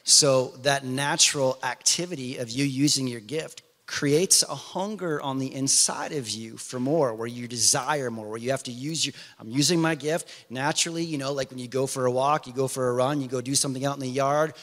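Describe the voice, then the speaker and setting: A man's voice: medium pitch, normal speed, hardly any pauses, a bit bright, in a large hall. A male pastor joining in a sermon, explaining a point and citing scripture. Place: church sanctuary.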